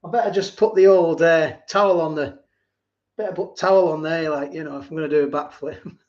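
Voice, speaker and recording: A middle-aged man chats casually on a livestream, reading viewer comments aloud and rambling repetitively as he replies. His slightly high, slightly mellow voice keeps a fairly even intonation and moves a little fast. It's captured in dull, lo-fi stream audio.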